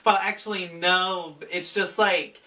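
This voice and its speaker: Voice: mid-range voice, steady tone, measured pace, pushed and bright, recorded from a distance. A video reviewer giving a casual, chatty recap of a horror episode, with plenty of fillers.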